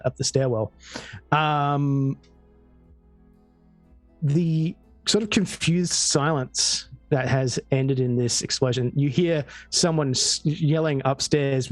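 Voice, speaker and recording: A man with an Australian accent, narrating a tabletop game as game master, relaxed and full of fillers. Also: mid-range voice, no echo. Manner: relaxed storytelling with frequent fillers.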